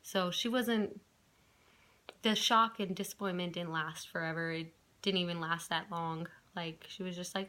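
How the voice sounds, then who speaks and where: A woman's voice: fairly low pitch, fairly even intonation, measured pace, pushed and bright. A young woman telling a personal story to her camera in a chatty way, with many fillers and restarts. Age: young adult. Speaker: vlogger.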